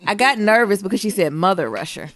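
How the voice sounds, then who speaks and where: Animated, profane woman telling a story. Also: mid-range voice, fast. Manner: animated, profane, laughs often, acts out quotes. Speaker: podcast co-host. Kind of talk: casual storytelling chat.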